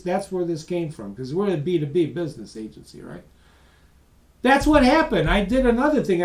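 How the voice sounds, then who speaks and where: A middle-aged man presenting a business course in a lively, conversational way, acting out phone calls. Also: sits high, low-quality recording. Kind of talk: lecture for professionals.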